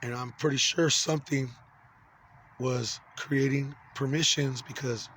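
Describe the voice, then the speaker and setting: A man's voice: mid-range voice, steady tone, a little slow, a bit bright, a little hiss or hum. Angry, profane man venting. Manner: angry, profane, rambling with many fillers. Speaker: vlogger. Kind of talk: unscripted monologue to camera.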